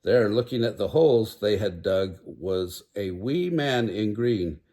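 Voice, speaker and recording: Old guy reading a kids book real slow, stumbles a bit. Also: fairly low pitch, lively intonation, warm tone. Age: older. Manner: slow, unhurried, with small stumbles and chuckles. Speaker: storybook reader. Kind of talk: children's read-aloud.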